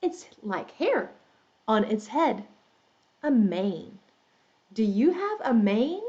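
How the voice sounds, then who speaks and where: A woman's voice: a little high, very animated, darkish tone, muffled recording. A woman teaching English to young children with a playful storytelling manner and exaggerated teacher talk. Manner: slow, exaggerated, playful teacher talk with animal sound effects. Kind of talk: storytelling lesson for young learners.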